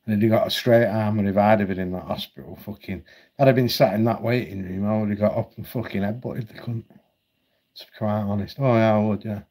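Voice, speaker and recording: Husky, foul-mouthed man. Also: on the low side, steady tone, a little fast, darkish tone. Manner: profane, blunt and heated. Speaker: vlogger. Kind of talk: ranting commentary.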